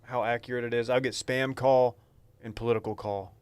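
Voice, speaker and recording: A young man chats in a laid-back, offhand way on a podcast, at an ordinary pitch. The sound is dry and close. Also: fairly even intonation, brisk, smooth, no room sound. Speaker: podcast co-host. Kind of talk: casual chat.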